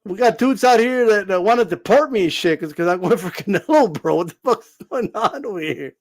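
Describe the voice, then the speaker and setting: This man runs a boxing channel and speaks a little fast in a high, expressive voice. His casual rant to camera is mocking, sarcastic, and laced with profanity.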